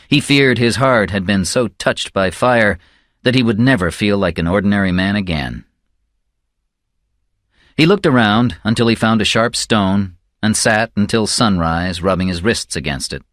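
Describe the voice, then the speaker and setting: A man with a low voice narrates a story in a slow, measured, somber manner. The sound is dry and close, with no room around it. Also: fairly bright tone, no room sound. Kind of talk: scripted audiobook narration.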